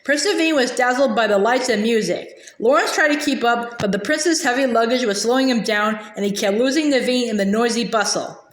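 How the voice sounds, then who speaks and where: A woman's voice: a little high, a little fast, few pauses. Woman reading a storybook aloud, echoey. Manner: reads aloud with small slips and restarts. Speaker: reader of a children's novel. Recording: echoey room.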